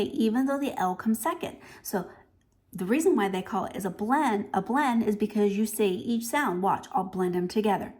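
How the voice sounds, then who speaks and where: A middle-aged woman giving a phonics lesson to camera, sounding out letters slowly and clearly with patient explanations. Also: medium pitch. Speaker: reading teacher.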